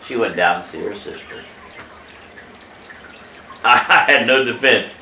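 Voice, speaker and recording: Bright-voiced old man spinning a tale. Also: lowish voice, measured pace, vocal fry, slight background noise. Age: 80s. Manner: animated, emphatic, salty language, chuckles through the tale. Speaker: family elder telling a childhood story. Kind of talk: casual storytelling. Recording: echoey room, mic at a distance.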